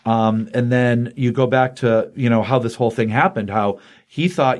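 Excitement drives this middle-aged host as he rambles through a comic book story in a casual chat, scattering fillers throughout. He talks at normal speed and medium pitch.

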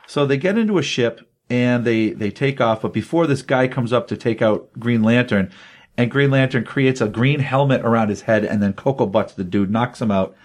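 A man co-hosting a comic book podcast, retelling a story with lively energy and acting out the characters' lines. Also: medium pitch, normal speed. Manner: animated retelling, acts out quotes. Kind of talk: casual comic review chat.

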